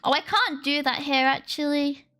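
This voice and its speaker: A woman's voice: sits high, moderate pace, bright, forceful tone. An Australian woman streaming herself coding, chatting casually in a rambling, self-deprecating way and laughing often. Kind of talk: casual live-stream chat while coding. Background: faint lofi music.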